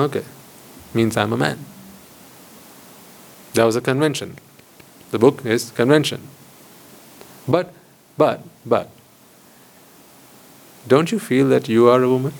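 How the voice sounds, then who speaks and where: Monk, male, mid-pitched, rhetorical teaching talk with repeated phrases. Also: darkish tone. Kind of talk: dharma talk to lay audience. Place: hall with board.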